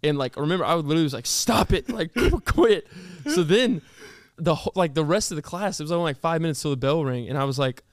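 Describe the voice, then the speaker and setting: A young man tells a story on a podcast in an animated, casual way, laughing as he goes. His voice sits a bit high. The sound is dry and close to the mic. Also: very fast, few pauses, smooth, no room sound. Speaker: podcast host. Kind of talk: casual chat.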